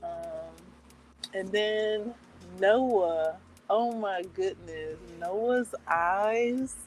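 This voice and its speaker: Slow, meandering woman chatting casually. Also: medium pitch, a little hiss or hum, poor audio. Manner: meandering, hesitant, many fillers and restarts. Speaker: book club channel host. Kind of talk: casual chat.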